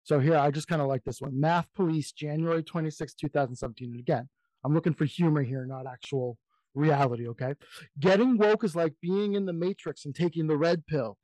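A man co-hosting a podcast, reading definitions aloud and tossing in amused asides. His voice sits a little high, and the sound is dry and close. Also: fairly quick, warm tone, dry recording, rough recording. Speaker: podcast co-host. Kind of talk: casual podcast discussion.

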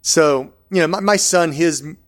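This is a middle-aged man co-hosting a casual podcast. His voice sits a bit higher than most men's. He talks emphatically and jokingly, and he acts out the people in his stories. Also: normal speed. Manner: emphatic, jokey, acts out quotes. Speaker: podcast co-host. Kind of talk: casual chat.

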